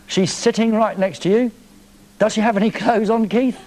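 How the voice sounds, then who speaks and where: A man's voice: high-pitched, steady tone, moderate pace, darkish tone, a little hiss or hum. A man hosting a live TV show from a studio, teasing a caller in a cheeky way. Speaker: TV presenter. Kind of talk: live TV banter.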